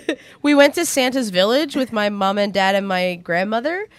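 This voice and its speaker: A woman's voice: medium pitch, animated, normal speed, smooth. A young adult woman, a guest on a podcast, retelling experiences in a giggly, enthusiastic way. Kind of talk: casual chat.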